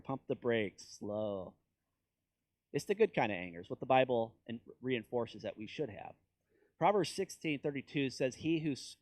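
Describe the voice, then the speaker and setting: This Kansas preacher talks through his sermon casually, then suddenly gets loud and high for emphasis or sinks into quiet asides. He mimics quoted speakers in a mocking tone, and the recording is dry.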